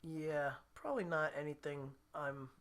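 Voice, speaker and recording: A man's voice: on the high side, unhurried, a bit bright. A man hosting his weekly live guitar stream, chatting casually with viewers, laughing at himself and reading out their comments. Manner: chatty, self-deprecating, laughs often, reads viewer comments aloud. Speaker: livestream host and guitarist.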